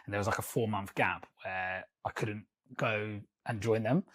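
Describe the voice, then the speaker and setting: A man with a fairly low voice co-hosts a podcast at a moderate pace, swapping office stories in casual chat. He tells them with animation, laughs often, and swears freely.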